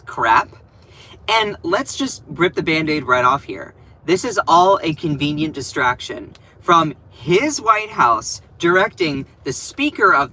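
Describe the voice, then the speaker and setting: Bright, animated young man ranting sarcastically. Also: fairly high pitch, low-quality recording. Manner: animated, sarcastic, quick asides with many fillers. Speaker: political commentator. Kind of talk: casual political commentary vlog.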